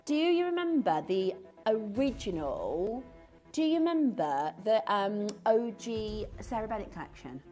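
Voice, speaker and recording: A woman's voice: medium pitch, very animated, a little slow, mellow, faint music behind. A woman presenting on a live shopping channel in a chatty way, full of rhetorical questions. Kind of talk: live TV selling chat. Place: TV studio.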